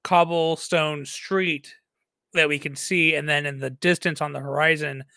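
A man's voice: on the high side, steady tone, unhurried, vocal fry, pushed and bright, no room sound. A man playing a tabletop game, carefully summing up what the scene looks like. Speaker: player. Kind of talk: casual tabletop play.

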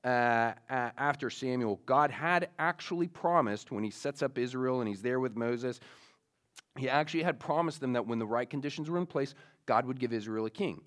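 A man's voice: mid-range voice, moderate pace, fairly bright tone. A male pastor preaching a sermon in a casual storytelling way, with many fillers, speaking to young listeners.

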